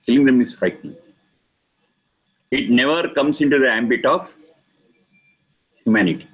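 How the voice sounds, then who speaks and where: A man teaching a lesson on scripture, speaking slowly and emphatically, repeating key words for stress. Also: mid-range voice, husky, lo-fi sound. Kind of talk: lecture explaining scripture.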